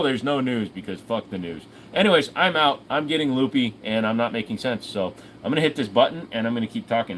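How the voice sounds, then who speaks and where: A man's voice: mid-range voice, animated, fairly quick, hardly any pauses, a bit bright, a little hiss or hum. A man with a Southern US accent hosting a firearms livestream in a rambling, profane, self-mocking casual chat. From Virginia, US.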